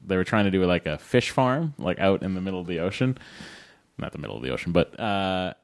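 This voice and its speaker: Low-voiced man telling a story. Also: animated, a little fast. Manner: loose, swearing, fillers. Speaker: podcast co-host. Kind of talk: casual storytelling.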